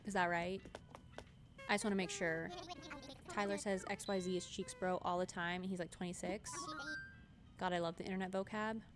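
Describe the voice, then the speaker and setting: With game music playing, a female streamer teases her viewers playfully in relaxed livestream chat. She speaks in a lowish, level voice at a moderate pace, pausing often.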